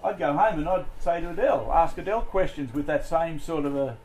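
A man's voice: on the high side, brisk, a little mellow, slight background noise, rough recording. A man leading a group Bible study, talking in a conversational way with many fillers and restarts.

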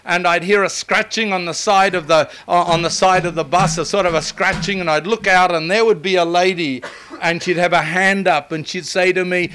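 Older man, sermon, high bright voice, smooth and clear, emphatic. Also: normal speed. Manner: emphatic, building to forceful repetition. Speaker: preacher.

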